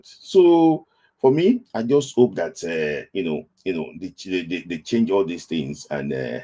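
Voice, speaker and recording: A man's voice: deep voice, very animated, a little slow, warm tone. A Nigerian man hosting a football talk stream, speaking in a lamenting way and repeating his phrases over and over. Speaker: football talk show host. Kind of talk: casual live-stream commentary.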